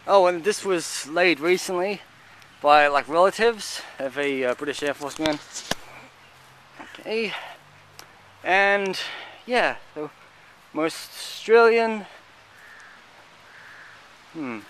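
A man giving casual, halting commentary as he walks through an outdoor cemetery, listing what he sees with many fillers. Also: fairly high pitch, lively intonation, a bit bright, slight background noise. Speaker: vlogger touring a cemetery.

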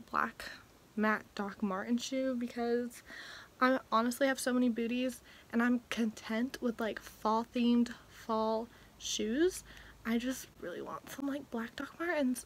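A young woman chatting casually through a clothing haul vlog at home, speaking softly and sometimes half-whispering so as not to wake her family. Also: a little high, a little hiss or hum, rough recording. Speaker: vlogger. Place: at home indoors.

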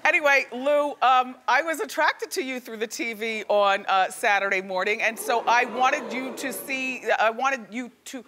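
A woman hosting a talk show, chatting and gossiping to a live studio audience with lively exclamations. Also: fairly high pitch, moderate pace, hardly any pauses, a little hiss or hum.

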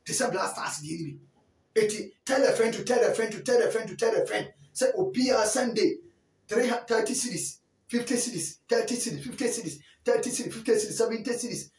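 A Ghanaian man giving football news in a lively, chatty way, often checking that listeners follow along. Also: high-pitched, fairly quick. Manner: animated, chatty, keeps asking listeners if they follow. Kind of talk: casual sports news chat. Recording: echoey room, voice from a distant mic.

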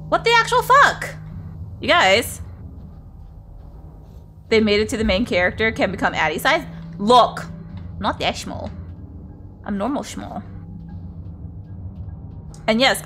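A woman streaming a video game, chatting to herself and her viewers and swearing often as she plays. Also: medium pitch. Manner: chatty, swears a lot, talks to herself and chat. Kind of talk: casual gameplay commentary.

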